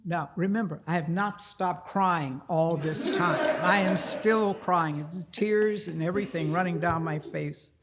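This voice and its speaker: An older man tells a true story aloud at a library gathering, taking his time over each phrase. His voice is gravelly with a fairly high pitch for a man, and he slips into the voices of the people in his story. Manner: unhurried, plain-spoken, acts out the dialogue. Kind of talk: personal storytelling at a live event. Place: public library event room.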